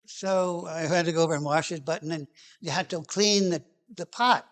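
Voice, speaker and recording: A man telling a personal memory behind a song, halting and restarting, with phrases that trail off softly. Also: on the high side. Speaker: singer-songwriter telling a song's background. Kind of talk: personal reminiscence.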